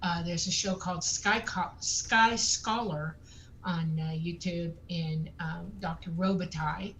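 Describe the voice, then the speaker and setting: Low-voiced woman giving urgent advice. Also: fairly even intonation, measured pace, a bit bright, slight background noise, rough recording. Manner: emphatic advice with many um fillers. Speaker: guest. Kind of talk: talk show interview.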